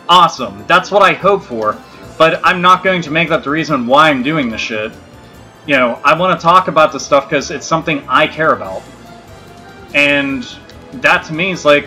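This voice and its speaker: A man's voice: fairly high pitch, bright, forceful tone. Foul-mouthed ranting male streamer. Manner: profane, blunt and ranting; rambling with many restarts. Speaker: gaming livestream host. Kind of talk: casual livestream chat.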